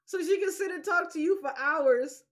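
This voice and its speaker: A woman's voice: extremely high pitch, moderate pace. A woman co-hosting a podcast in casual chat, who giggles and breaks into laughter often. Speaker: podcast co-host.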